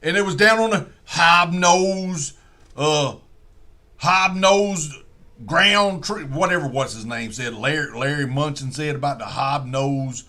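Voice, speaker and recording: A man's voice: a little high, slow, sharp tone. A man telling a rambling, profane, folksy comic story with many digressions. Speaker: comedian.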